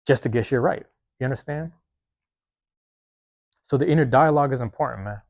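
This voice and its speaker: A man's voice: medium pitch, a little fast, a little mellow, dry recording. A man hosting a podcast in a casual monologue, profane and rambling, often checking in with his listeners. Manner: profane, rambling, streetwise talk; self-reflective, keeps checking in with listeners. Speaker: podcast host.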